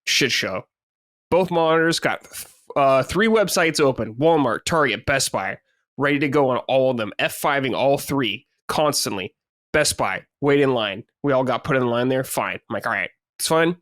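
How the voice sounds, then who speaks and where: A man's voice: medium pitch, normal speed, fairly bright tone, no echo, clean studio sound. A man co-hosting a gaming podcast, telling a story in casual chat and swearing freely. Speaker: podcast co-host.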